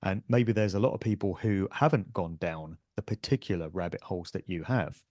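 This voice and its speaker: Earnest, low-voiced man on a podcast. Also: fairly quick, darkish tone, no echo, clean studio sound. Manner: earnest, emphatic storytelling. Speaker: podcast guest, author and speaker. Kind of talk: podcast interview.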